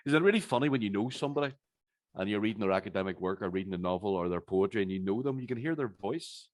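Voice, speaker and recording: A Northern Irish man hosts a live conversation in a very low, deep voice. He talks in a chatty, halting way, often restarting his sentences. The sound is dry and close. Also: expressive, no room sound. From Northern Ireland. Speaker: host, interviewer.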